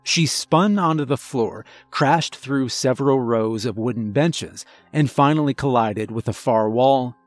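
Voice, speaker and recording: A man narrating a first-person horror story in a measured, dramatic storytelling manner. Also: medium pitch, no room sound, faint music behind.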